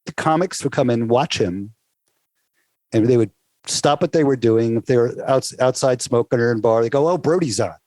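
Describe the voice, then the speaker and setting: A man of ordinary pitch looks back on a fellow comic, speaking in a measured way that often stops and restarts. The sound is dry and close, with no room around it. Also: darkish tone, dry recording. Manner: thoughtful, measured, many restarts. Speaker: interviewee, fellow comedy peer. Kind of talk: reflective oral-history recollection.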